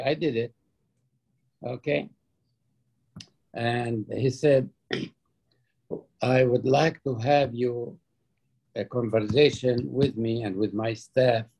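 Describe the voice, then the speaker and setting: Gravelly man telling stories. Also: medium pitch, darkish tone. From Palestine. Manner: anecdotal, laughs while telling, acts out quoted dialogue. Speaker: interviewee. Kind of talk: storytelling in an interview.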